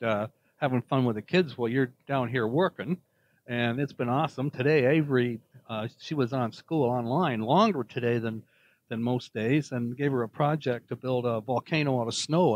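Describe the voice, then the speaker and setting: A man's voice: medium pitch, normal speed, muffled recording, a little hiss or hum. Cheerful older man. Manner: cheerful, rambling, folksy. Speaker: podcast co-host. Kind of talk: casual chat.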